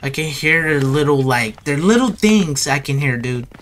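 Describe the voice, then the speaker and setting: A man's voice: fairly high pitch, expressive, moderate pace, fairly bright tone. A young man giving casual horror game commentary, nervous and jittery, repeating himself and tacking "bro" onto his lines. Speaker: gaming YouTuber.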